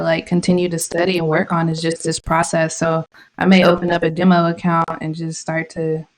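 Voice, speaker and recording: A woman's voice: fairly low pitch, rough recording. A woman vlogging her trades in casual live commentary, slangy and irritated, swearing often. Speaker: trading vlogger.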